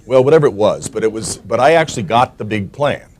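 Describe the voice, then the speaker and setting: A man's voice: on the low side, lively intonation, fast. A man on a forum panel recalling his early work, wry and self-correcting.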